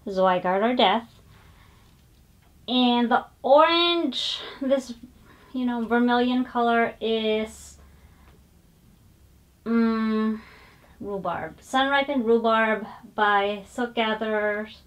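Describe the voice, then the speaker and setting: Woman vlogger, fairly high voice, unhurried and chatty, stops to correct herself. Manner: chatty and digressive, with frequent fillers and self-corrections. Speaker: flosstube host showing cross-stitch finishes. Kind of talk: casual show-and-tell chat.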